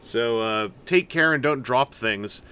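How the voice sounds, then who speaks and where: A man's voice: medium pitch, slow pace, sharp tone, clean tone. A man giving casual, rambling commentary while building and unboxing a collectible toy, with jokey asides. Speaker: toy reviewer.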